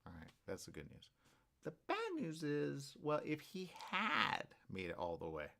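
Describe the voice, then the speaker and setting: A man's voice: on the high side, wildly swooping pitch, a little slow, gravelly, pushed and bright. A man hosting a talk show, rambling in a casual monologue, repeating himself and checking in with viewers.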